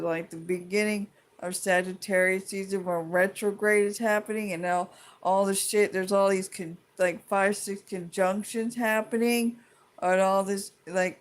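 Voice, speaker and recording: A woman ranting to her viewers in a heated, profane, rambling way, full of restarts and trailing thoughts. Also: medium pitch. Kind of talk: casual rant to camera.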